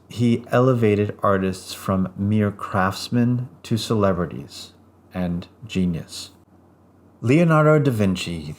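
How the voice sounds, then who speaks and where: A man giving a scripted art history lecture in a measured, even delivery, pausing through lists. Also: lowish voice.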